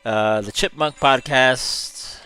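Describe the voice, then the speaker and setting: A man's voice: medium pitch, slow, pushed and bright, smooth, no room sound, soft background music. A male gaming streamer giving live gameplay commentary in a chatty way, reading chat messages aloud and laughing often.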